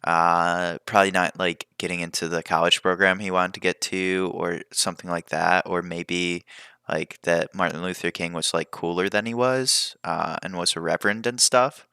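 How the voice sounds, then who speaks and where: A man's voice: sits low, steady tone, moderate pace, bright, forceful tone, smooth, dry recording, studio quality. A young man hosting a podcast, talking casually and drifting into tangents. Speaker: podcast host. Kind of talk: casual rambling monologue.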